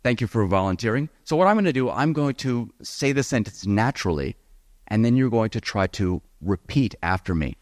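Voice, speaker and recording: Upbeat low-voiced male teacher. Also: a little fast, no room sound, clean studio sound. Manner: lively, encouraging, addresses the audience directly. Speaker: IELTS speaking teacher. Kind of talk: live seminar talk to an audience. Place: event hall with audience.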